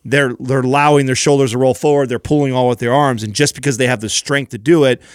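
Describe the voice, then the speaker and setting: A man's voice: medium pitch, fairly even intonation, fast, smooth, no echo, clean studio sound. A man co-hosting a fitness podcast, explaining training tips in casual chat with frequent restarts. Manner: coaching, explains with repeated restarts. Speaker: podcast co-host.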